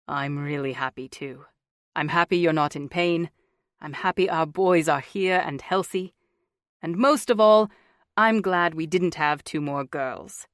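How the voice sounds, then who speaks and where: A woman's voice: low voice, a little slow, dry recording, studio quality. A woman voicing a tender, earnest young husband and father in an audiobook.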